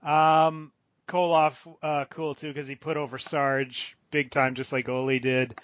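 Calm, measured man podcast host. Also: a little high, no echo, lo-fi sound. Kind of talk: casual chat.

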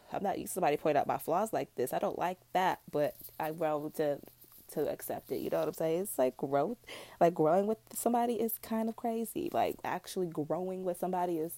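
A woman's voice: low voice, a little mellow, no echo. A young adult woman vlogger telling a personal story in casual, profane, rambling chat.

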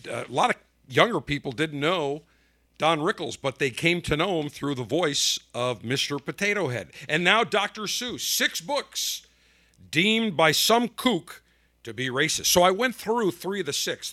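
Animated, bright-voiced opinionated male host. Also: on the high side. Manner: emphatic, indignant, punchy delivery. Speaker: podcast host. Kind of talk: opinionated commentary.

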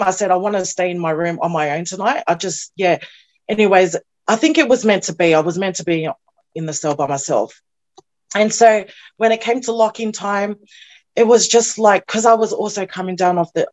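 A young woman giving an emotional personal testimony as an interview guest, earnest and halting, often repeating herself, at times near tears. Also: lowish voice. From New Zealand.

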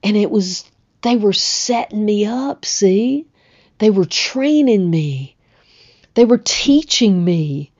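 A woman's voice: mid-range voice, animated, takes it slowly, darkish tone, muffled recording. A middle-aged woman, telling a personal story in a chatty, conversational way. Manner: chatty, conversational, with frequent "you know" and "like".

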